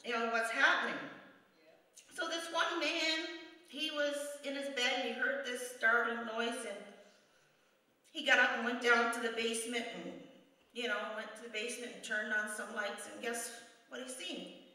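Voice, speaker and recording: A woman giving a testimony sermon at a church service, emphatic and repetitive for effect, dropping to a hush for stories. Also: fairly high pitch, steady tone, normal speed. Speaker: guest speaker at a church service. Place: church sanctuary. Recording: echoey church hall from far off.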